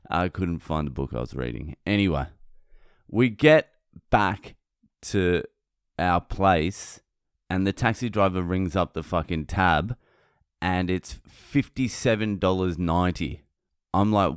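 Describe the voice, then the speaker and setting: A man's voice: deep voice, slow pace, long pauses, clean tone, dry recording. A male comedian hosting a podcast, telling a blunt, heavily sweary story into a close mic. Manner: blunt, heavy swearing, animated. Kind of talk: profane storytelling monologue.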